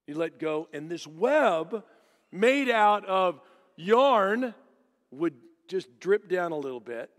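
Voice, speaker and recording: A man's voice: a little high, a little slow. A middle-aged man from Dallas, preaching a joking, storytelling sermon to a congregation. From Dallas, Texas. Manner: joking, animated storytelling with acted-out voices. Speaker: guest preacher. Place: church sanctuary. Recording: reverberant church hall.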